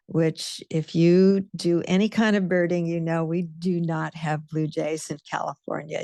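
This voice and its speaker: Woman giving a talk, low voice, lots of fry, chatty storyteller vibe. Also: darkish tone, no room sound, studio quality. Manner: conversational storytelling, reflective. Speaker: guest speaker, author. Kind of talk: illustrated talk with slides.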